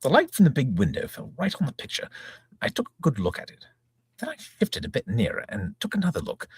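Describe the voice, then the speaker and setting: A man's voice: mid-range voice, huge pitch swings, brisk, husky, no room sound, clean studio sound. A man reading a comic novel aloud in breezy first-person narration, chuckling along. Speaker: reader, channel host.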